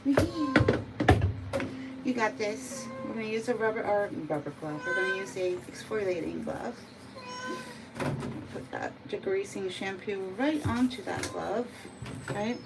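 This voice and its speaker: A woman's voice: medium pitch, moderate pace, creaky. A woman cat groomer giving a live grooming demonstration, talking to the cat in playful sing-song baby talk. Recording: loud background noise.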